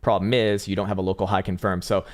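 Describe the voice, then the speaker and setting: A man's voice: sits low, flat delivery, fast talker. A man hosting a casual crypto trading livestream, chatty and profane, reading chat and laughing often.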